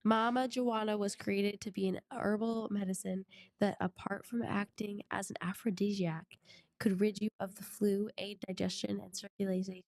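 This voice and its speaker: A woman's voice: mid-range voice, little pitch movement, normal speed, darkish tone, dry recording. A woman co-hosting a podcast in casual chat, dryly teasing her co-host and reading facts aloud.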